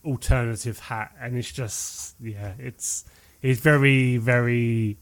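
A man's voice: medium pitch, fairly even intonation, takes it slowly. A man in casual conversation about films, rambling and trailing off, with frequent swearing. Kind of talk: casual film chat.

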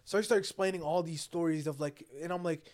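A man's voice: fairly high pitch, steady tone, fast, a little mellow. A young man co-hosting a podcast, telling rambling, profane stories full of quoted voices in a casual chat. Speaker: podcast co-host.

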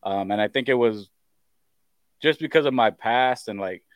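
A man in a casual chat, speaking hesitantly with many pauses and ums. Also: medium pitch, clear, resonant tone, dry recording.

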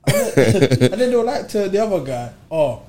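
A man in casual chat, retelling a story with lively quoted dialogue. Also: high-pitched, normal speed, over a noisy crowd. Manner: animated retelling, quoting others in dialogue. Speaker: friend telling a travel story.

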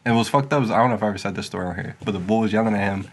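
A young man talks fast in a husky, somewhat low voice. He tells loose, profane stories in casual chat and keeps slipping into raised voices to act out what people said.

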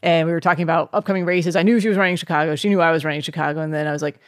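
A man's voice: a little high, fairly even intonation, racing, dry recording. Chatty man telling a story, dry sound. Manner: chatty storyteller, acts out quoted voices. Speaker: podcast guest, marathon runner. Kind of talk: casual chat.

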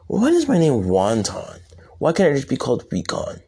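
A man's voice: medium pitch, wildly swooping pitch, normal speed, warm tone, breathy edge, pitched above the performer's own voice, full character voice. A man voicing a brash, impatient young male sidekick with streetwise talk. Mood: whiny.

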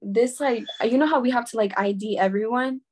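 A young woman in casual chat with a friend. She tells animated stories about her grocery job, full of "like" and acted-out quotes. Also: on the high side, fairly quick. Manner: chatty storyteller, heavy "like" filler, acts out quotes. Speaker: grocery store cashier.

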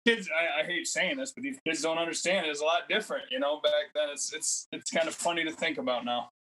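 A man's voice: fairly high pitch, a little fast, pushed and bright, low-quality recording. A man in his thirties chatting casually as a podcast guest, rambling through stories and acting out quotes in a raised voice. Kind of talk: casual chat.

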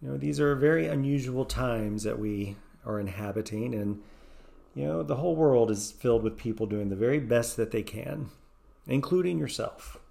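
A man leading a guided meditation, giving slow, gentle, soothing instructions. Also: mid-range voice, vocal fry.

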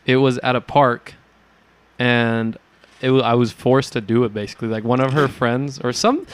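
A man's voice: medium pitch, moderate pace, a little hiss or hum. A young man co-hosting a casual chat, crude and joking, laughing often. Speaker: podcast co-host.

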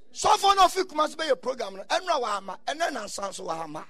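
High-pitched shouting preacher. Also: male voice, big pitch swings, quick pace, no echo. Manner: preaching with sudden shouted bursts. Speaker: pastor. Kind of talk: sermon.

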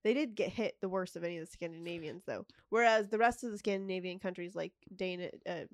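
A woman's voice: lowish voice, fast talker, no echo. A woman guest on a podcast, talking casually and easily, often answering with short agreements. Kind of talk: casual chat.

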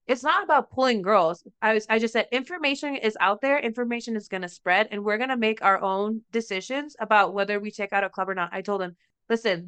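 A young adult woman co-hosting a podcast, telling a story in casual chat, animated and profane, acting out what others said. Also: a little high, clear, resonant tone, dry recording. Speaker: podcast co-host.

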